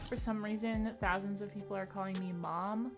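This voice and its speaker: A woman's voice: medium pitch, steady tone, normal speed, music in the background. A woman game streamer chatting casually with her viewers, upbeat and giggly, rattling off names from the chat.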